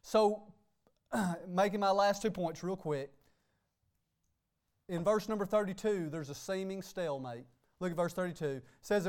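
High-voiced preaching man. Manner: emphatic, punctuates with "hey" and "okay". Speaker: pastor. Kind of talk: sermon. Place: church sanctuary.

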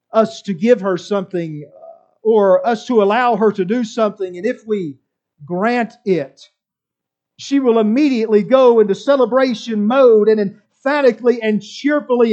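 A man preaches in a high voice, pressing hard on his points and dropping to a near hush between them. The recording from the church service sounds dull and lo-fi. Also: moderate pace. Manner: fervent, emphatic preaching with big swings in loudness. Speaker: pastor. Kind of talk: sermon.

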